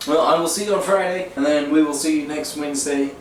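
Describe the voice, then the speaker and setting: A man's voice: fairly high pitch, quick pace, distant mic, a little hiss or hum. A man hosting a woodworking channel, chatting casually and laughing often. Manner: laid-back, laughs often. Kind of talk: casual chat. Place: workshop. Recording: roomy workshop sound from off-mic.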